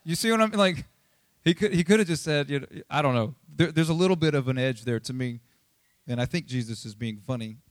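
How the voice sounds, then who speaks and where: A pastor giving a casual, conversational sermon, chatty and animated, acting out Bible scenes in quick asides. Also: male voice, a little high, no room sound. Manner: chatty, animated, acts out Bible quotes, many fillers.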